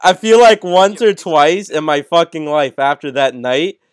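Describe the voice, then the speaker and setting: A man's voice: on the high side, animated, measured pace, clean tone, no room sound, studio quality. A young man in casual live-stream podcast chat on a headset, telling stories in a rambling, swearing way, full of "like" and "bro". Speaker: podcast co-host. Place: home setup, live stream.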